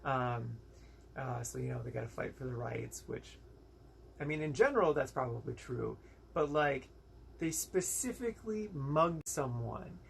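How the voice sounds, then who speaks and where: A man's voice: medium pitch, lively intonation, measured pace, vocal fry, a little hiss or hum. A young American man giving a casual, rambling movie review, frank and exasperated, with lots of fillers and quoted asides. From United States.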